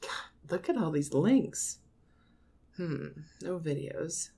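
A woman playing a doting mother who talks to her grown son in a soft, coaxing audio role-play. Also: deep voice, animated, vocal fry, slightly rough, heavily acted. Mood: insistent teasing. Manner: soft, coaxing, slow, with frequent nervous laughs.

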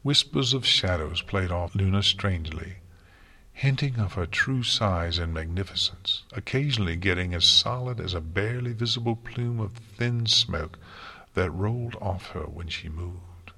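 A man reads a story aloud in a slow, even storytelling manner. His voice sits low and husky, with a tense, bright edge. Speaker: narrator. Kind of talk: storybook reading.

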